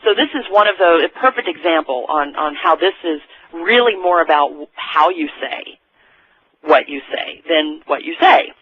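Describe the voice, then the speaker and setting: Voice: medium pitch, expressive, moderate pace, breathy edge. A sales trainer giving a recorded training talk in a conversational way, often restarting sentences. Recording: dull, dry lo-fi recording.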